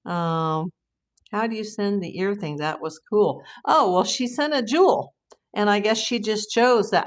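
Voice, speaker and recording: A woman's voice: mid-range voice, expressive, moderate pace. Chatty woman hosting a livestream. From Southern California. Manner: chatty, rambling, laughs often. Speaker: true crime livestream host. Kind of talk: casual livestream chat reading viewer comments.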